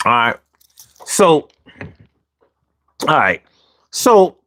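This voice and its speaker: A man's voice: a little high, fairly bright tone, no room sound, clean studio sound. A man hosting a casual talk show for viewers, speaking conversationally, asking rhetorical questions and repeating phrases for emphasis. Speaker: vlog host.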